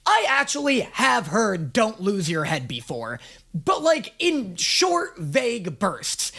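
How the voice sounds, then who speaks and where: A man hosting a casual reaction video, excitable, crude and self-mocking. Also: extremely high pitch, gravelly.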